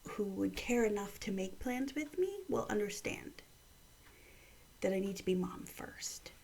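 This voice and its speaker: A woman in her thirties from Canada gives a morning devotional vlog, speaking quietly in a half-whisper so her upset child down the hall can't hear. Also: mid-range voice, measured pace, vocal fry, slightly rough. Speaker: mother giving a morning devotional. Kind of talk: hushed personal vlog devotional.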